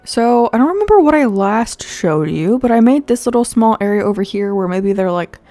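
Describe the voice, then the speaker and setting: A young woman with a congested, sniffly voice, rambling through casual gameplay commentary and thinking out loud as she goes. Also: mid-range voice, animated, moderate pace, no echo. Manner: chatty, rambling, thinks aloud with fillers. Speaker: gaming video host. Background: faint game music.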